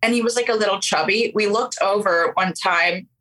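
A woman who works as a preschool teacher, chatting casually and telling animated stories in which she acts out voices. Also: medium pitch, normal speed, rough recording. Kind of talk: casual chat.

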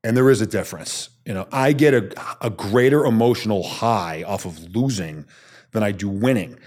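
A man in his thirties, a soldier being interviewed, telling stories bluntly and acting out the quotes. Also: fairly low pitch. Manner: animated storyteller who acts out quotes, blunt and salty. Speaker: podcast guest, Army special forces soldier. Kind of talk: storytelling in a casual interview.

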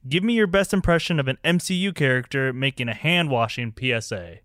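A man's voice: mid-range voice, expressive, a little fast, fairly bright tone, dry recording, clean studio sound. A man hosting a comedy panel game, posing prompts and often chuckling. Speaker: host.

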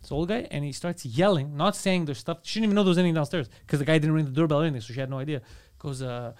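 A man talking quickly in a slightly high voice, hosting a podcast in loose, casual chat. He tells his stories with animated, profane energy. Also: smooth. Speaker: podcast host.

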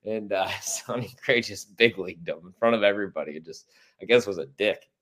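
A man's voice: fairly low pitch, brisk. A man from Chicago hosting a casual sports talk show, swearing freely with strong opinions. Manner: profane, animated and opinionated. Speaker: sports radio host.

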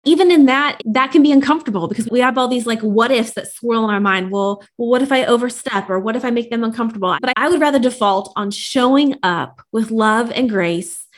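A woman author, a guest on a podcast, speaking in a quick, animated way. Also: fairly high pitch. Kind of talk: casual podcast conversation.

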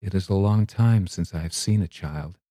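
A man voicing a frail, lonely old noblewoman who speaks slowly and wistfully in a dark, low voice. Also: no echo, clean studio sound. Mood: gentle.

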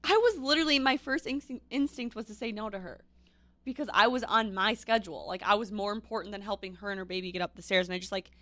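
A young woman co-hosting a podcast, telling stories in a chatty, animated way. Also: mid-range voice, fast talker, dry recording. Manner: chatty, animated storytelling with laughs. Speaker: podcast co-host. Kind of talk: casual chat.

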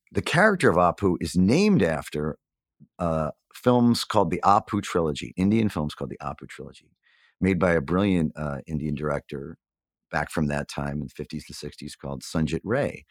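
Low-voiced, lively man in a candid interview. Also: dry recording, clean studio sound. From New York, USA. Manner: earnest, reflective storytelling with animated emphasis. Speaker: podcast guest.

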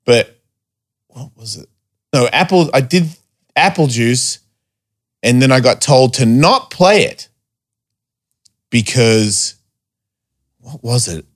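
Man, casual podcast chat, animated storyteller, swears a lot, mid-range voice. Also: medium pitch, takes it slowly, pauses often. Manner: animated storyteller, heavy swearing, acts out quotes in a raised voice. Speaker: guest telling stories.

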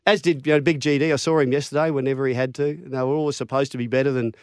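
A middle-aged Australian man, a former rugby league player, telling lively stories in casual chat and acting out the quotes. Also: rapid-fire, clean tone, no room sound, studio quality. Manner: animated yarn-spinner, acts out quotes with big pitch jumps.

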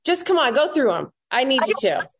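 A woman's voice: high-pitched, big pitch swings, brisk, background noise. A woman hosting an interview, encouraging her guest with eager short affirmations and playful remarks. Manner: enthusiastic, frequent short affirmations. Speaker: host. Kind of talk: casual interview chat.

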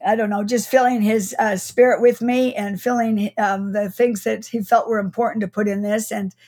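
A woman's voice: mid-range voice, fairly even intonation, moderate pace, darkish tone. A middle-aged woman, a guest author, telling a childhood memory in an interview, reflective, with small laughs and restarts. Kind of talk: storytelling in an interview.

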